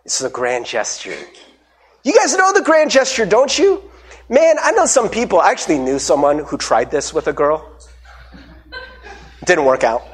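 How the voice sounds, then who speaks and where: A male pastor giving a sermon, telling stories with animated delivery and acting out the lines he quotes. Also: normal speed, pauses often. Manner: animated storytelling, acts out quotes with shifting pitch.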